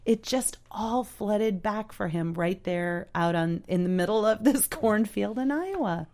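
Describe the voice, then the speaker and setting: A woman telling a heartfelt story in casual chat, halting, with many restarts and "you know". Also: mid-range voice, animated, a little mellow. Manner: earnest, heartfelt. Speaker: storyteller guest.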